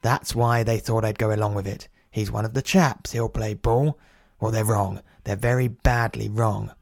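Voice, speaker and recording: A man's voice: lowish voice, fairly even intonation, normal speed, gravelly, darkish tone, dry recording. Wry male narrator, dry close mic. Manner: wry inner-voice narration in second person. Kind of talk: audio drama narration.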